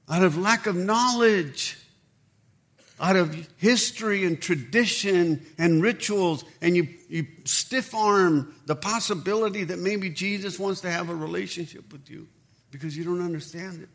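Pastor, man, high voice, energetic storyteller who plays out the dialogue in his sermon. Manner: animated storytelling, acts out quoted dialogue.

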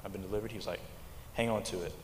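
A young man giving a church testimony in a halting way, often repeating words, mostly speaking quietly. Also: fairly low pitch, steady tone, slight background noise. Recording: echoey hall, faint ambience.

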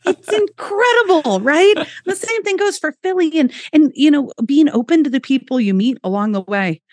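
A woman keynote speaker, a guest on a podcast, telling travel stories in an enthusiastic, animated way and speaking straight to listeners. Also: high-pitched, fairly quick, no echo, studio quality. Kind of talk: lively anecdotal storytelling.

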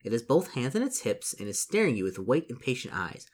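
A man reading a solo gamebook aloud, stumbling over words and breaking off into animated asides. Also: mid-range voice, brisk, husky. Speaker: reader playing a solo gamebook.

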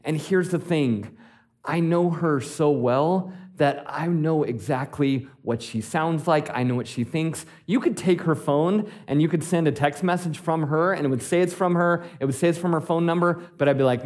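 Brief: male pastor in his forties, fairly high voice, animated storyteller who laughs often. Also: moderate pace. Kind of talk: sermon.

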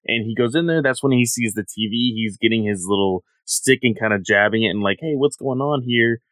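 A man's voice: fairly low pitch, a little fast, a bit bright, no echo. A man retelling a story in casual chat as a podcast co-host, rambling and full of "like". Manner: rambling, many "like" fillers. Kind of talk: casual chat recapping a comic.

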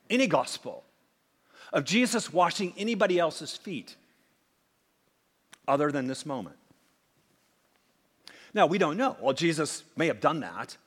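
A man preaching a sermon, swinging from emphatic acted-out quotes to hushed asides. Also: a little high, breathy edge. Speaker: pastor. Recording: long hall reverb.

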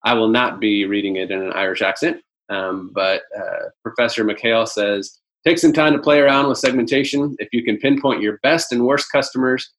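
A man presenting a business webinar over a video call, talking in a halting way with many "um"s and "uh"s. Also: medium pitch, fairly bright tone, rough recording.

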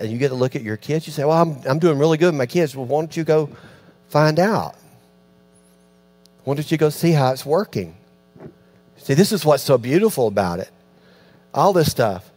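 A man preaching a sermon, telling a story with lively, acted-out voices and sudden drops to hushed, near-whispered lines. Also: a little high. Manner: animated storytelling, acts out voices, dropping to near-hushed tones. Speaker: pastor.

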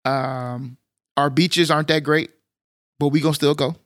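A Texan man talks with a bright, forceful voice sitting a little above the usual male pitch. He chats casually as a podcast co-host, animated and joking, heavy on slang. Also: normal speed. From Texas. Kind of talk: casual chat.

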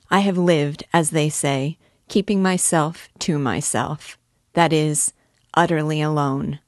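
A woman's voice: sits low, dry recording, studio quality. A woman reading a shy, lonely young man. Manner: earnest, hesitant. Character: shy solitary young man, earnest and wistful. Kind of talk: audiobook character reading.

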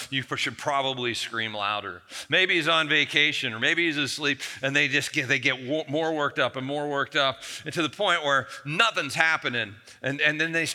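A male pastor retells a Bible story in a loose, joking, conversational style, often restarting his sentences. His voice is bright and sharp, sitting at a mid pitch, and a long church reverb trails behind every phrase. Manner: conversational, humorous, lots of restarts. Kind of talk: storytelling sermon.

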